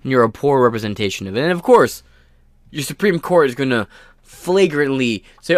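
A man's voice: mid-range voice, animated, moderate pace, dry recording, studio quality. A man hosting his own podcast, ranting in a profane, sarcastic and combative way. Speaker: podcast host.

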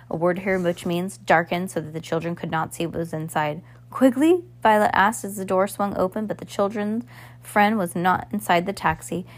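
A woman reading a novel aloud as narrator, with occasional slips and restarts. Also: on the low side. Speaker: reader. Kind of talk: amateur audiobook narration.

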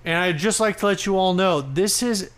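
A man's voice: high voice, normal speed, a bit bright. A young man co-hosting a podcast after a few drinks, joking around and breathing hard into the mic. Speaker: podcast co-host. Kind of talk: casual chat.

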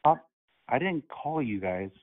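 A man on a prank phone call, calm and mocking, playing innocent. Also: mid-range voice, a little slow. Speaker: prank caller. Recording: phone line.

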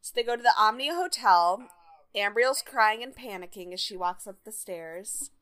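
A woman's voice: mid-range voice, animated, normal speed, fairly bright tone, no room sound. Young woman in casual podcast recap. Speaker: podcast co-host. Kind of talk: casual chat recapping a TV show.

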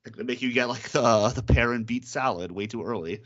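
A man's voice: mid-range voice, a little fast, a bit bright, highs cut off. A man co-hosting a podcast, rambling animatedly with lots of fillers. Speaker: podcast co-host. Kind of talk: casual chat about a TV episode.

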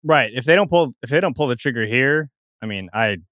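A man's voice: medium pitch, expressive, a little fast, fairly bright tone, dry recording, clean studio sound. A young man hosting a casual talk show, rambling along with restarts and chuckles. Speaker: show host. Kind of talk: casual wrestling talk chat.

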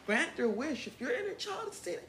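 Animated young woman podcast host. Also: sits high, brisk, roomy sound, a little hiss or hum, rough recording. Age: young adult. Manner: earnest and animated, laughs often, swears casually. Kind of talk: self-help podcast monologue.

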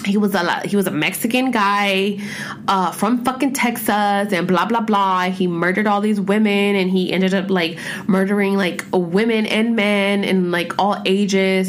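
A woman in her thirties chatting casually at home as a podcast host, rambling and expressive, with heavy swearing and filler words. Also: medium pitch, slight background noise. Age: 30s. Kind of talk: casual chat. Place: home room with pets.

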